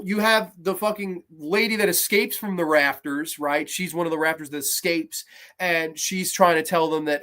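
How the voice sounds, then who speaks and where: A man's voice: high-pitched, lively intonation, normal speed, fairly bright tone. A man in his twenties hosting a horror movie review, talking casually with a profane, sarcastic, ranting manner. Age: 20s.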